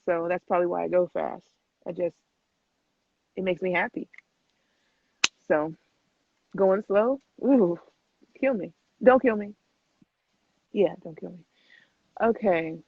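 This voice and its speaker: A chatty young woman with a fairly low voice answers viewer questions in a relaxed live Q&A, talking fast and laughing between answers. Her voice sounds thin and phone-like, recorded close and dry with no room sound at all.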